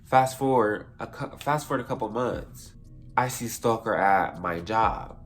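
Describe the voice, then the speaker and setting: A young man with a slightly low voice tells a story to camera in a loose, chatty way. He swears freely, backtracks and restarts his sentences as he goes. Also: unhurried, over music. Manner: rambling, profane, self-correcting. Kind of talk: casual storytime vlog.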